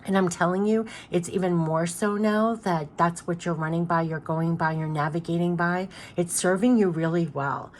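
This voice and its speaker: A woman's voice: lowish voice, steady tone, moderate pace, few pauses, a little hiss or hum. A middle-aged woman hosting a spiritual card reading, talking casually and rambling with many fillers.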